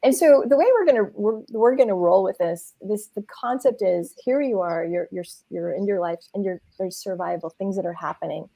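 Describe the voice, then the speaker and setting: Gravelly, mellow-voiced woman, chatty. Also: mid-range voice, normal speed, hardly any pauses, no room sound. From Arizona. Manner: chatty, repeats and restarts words, laughs. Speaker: guest co-host, counselor. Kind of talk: casual chat.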